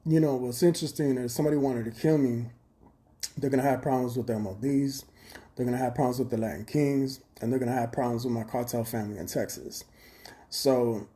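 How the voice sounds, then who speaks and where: A man talks straight into his phone on a livestream. His voice is mellow and dark-toned. He rambles bluntly and swears freely in a streetwise way. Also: mid-range voice. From Chicago. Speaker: livestream host. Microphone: phone camera.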